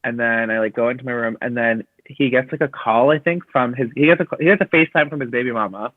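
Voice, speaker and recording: A comedian guest tells a rambling, profane story in casual chat, quoting other people in dialogue as he goes. He's a fast talker with a medium-pitched voice who barely pauses. The recording has no echo and a dry, tinny, phone-like sound.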